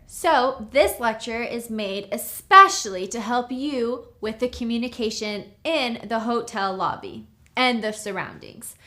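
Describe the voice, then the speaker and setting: A woman teaching a recorded language lesson, drilling words slowly and checking in with "okay?". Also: fairly high pitch, pushed and bright. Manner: slow, clear drilling of words with frequent "okay?". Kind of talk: recorded lecture.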